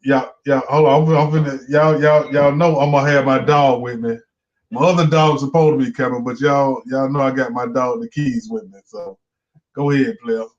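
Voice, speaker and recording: A man's voice: mid-range voice, fairly even intonation, moderate pace. A man with a Southern accent, hosting and telling a rambling, profane story in a casual chat. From Georgia, US. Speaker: host, comedian. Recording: muffled lo-fi stream audio.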